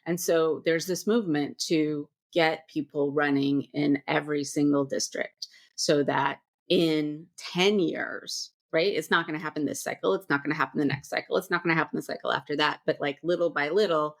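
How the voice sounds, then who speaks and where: A woman hosts a podcast interview. Her voice is very low, with a gravelly fry running through it. She talks in a measured, conversational way. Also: fairly even intonation. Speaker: podcast host.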